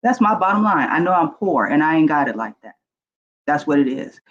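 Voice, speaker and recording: A woman's voice: low voice, very animated, brisk, lo-fi sound. A middle-aged woman, emotional and earnest, frankly telling her life story as a guest panelist on a video call. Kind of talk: candid personal storytelling.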